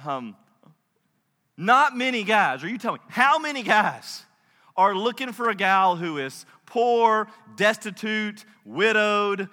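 Bright-voiced preaching man in a hall. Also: sits high, expressive, slow pace. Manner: conversational, emphatic preaching with asides. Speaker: pastor. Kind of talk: sermon.

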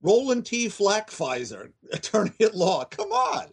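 A man's voice: sits high, huge pitch swings, creaky, slightly rough. A man in his sixties, a regular on a podcast, bantering eagerly about old films in casual chat. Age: 60s. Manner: enthusiastic, quick-witted movie buff banter.

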